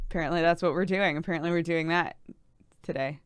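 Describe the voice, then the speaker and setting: A woman's voice: fairly low pitch, smooth, dry recording. A woman streaming to her viewers in casual chat, talking chattily with many fillers and giggles.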